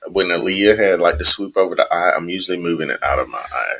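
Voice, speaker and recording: A man's voice: low voice, fast, fairly bright tone. A man co-hosting a casual chat podcast. He talks in an easygoing, wry way and chuckles often. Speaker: podcast co-host.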